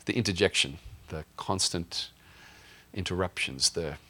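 A man's voice: sits low, unhurried, sharp tone. A male pastor preaching a sermon in a conversational, humorous way, often asking the congregation questions.

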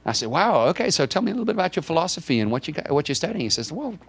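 A man preaching as a pastor, spinning a personal story with a lively, swooping voice. He acts out the dialogue and jumps his pitch up high for the other voices. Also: rapid-fire, husky. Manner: animated, acts out dialogue with God in raised voices. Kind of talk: storytelling sermon.

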